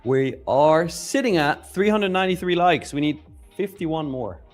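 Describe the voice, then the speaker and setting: A man's voice: on the high side, lively intonation, moderate pace, soft background music. A man co-hosting a live trading stream, reacting briefly and talking upbeat to the chat. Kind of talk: casual chat with viewers.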